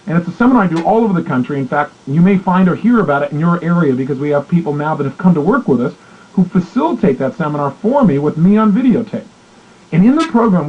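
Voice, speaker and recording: A man speaks in a high, husky voice, pressing each point in an emphatic, repetitive coaching style. The sound is thin and phone-like, as if from an old recording. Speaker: motivational speaker. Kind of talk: motivational talk. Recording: husky voice on tinny lo-fi audio.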